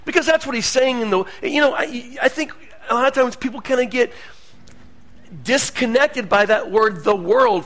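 A man preaching a sermon as pastor, moving between hushed asides and loud, emphatic lines. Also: very high voice, lively intonation, moderate pace.

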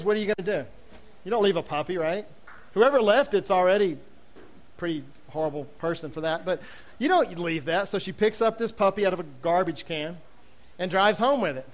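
A man, a youth pastor, telling a humorous story from the pulpit, animated and self-mocking, acting out the voices of people he quotes. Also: high voice.

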